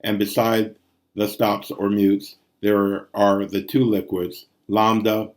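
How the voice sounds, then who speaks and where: Guy teaching greek meter, slow and low-ish, says the da da beats out loud. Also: flat delivery. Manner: methodical, sounds out syllables and rhythms aloud. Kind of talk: recorded language lesson.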